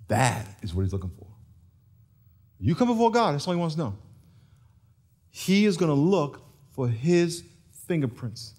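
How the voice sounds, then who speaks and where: A man preaching a sermon as pastor, animated and storytelling, chuckling often. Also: fairly high pitch, moderate pace, long pauses, husky. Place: large church.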